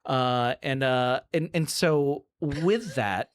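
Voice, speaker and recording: A podcast co-host in casual chat, thinking aloud with a lively delivery. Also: medium pitch, takes it slowly, clear, resonant tone.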